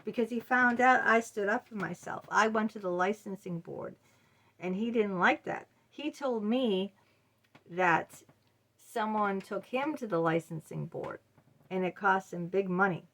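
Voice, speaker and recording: A woman's voice: medium pitch, measured pace, a bit bright. A middle-aged woman talking straight to her viewers in a casual advice monologue, blunt and emphatic. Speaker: vlogger.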